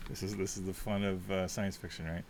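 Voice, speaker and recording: Brief: deep-voiced man, chatty and rambling, narrating his solo tabletop play; faint hiss underneath. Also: fairly even intonation, normal speed, vocal fry. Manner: rambling, chatty, thinks out loud with many fillers. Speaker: solo tabletop game player. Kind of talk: casual thinking-aloud game walkthrough.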